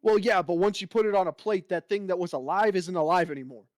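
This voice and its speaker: Guy at a tabletop game, high voice, deadpan jokes, dry mic. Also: fast, no echo. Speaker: player. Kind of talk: casual tabletop chat.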